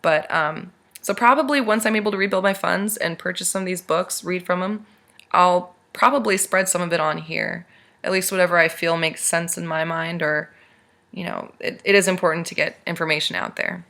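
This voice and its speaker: A young woman vlogger casually retelling a strange dream to her camera, animated and rambling. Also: fairly low pitch, normal speed, vocal fry.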